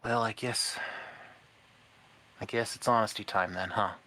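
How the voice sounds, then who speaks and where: A man voicing a tearful mother who admits a long-kept secret, speaking softly and haltingly. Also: on the low side, steady tone. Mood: remorseful. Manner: soft and halting.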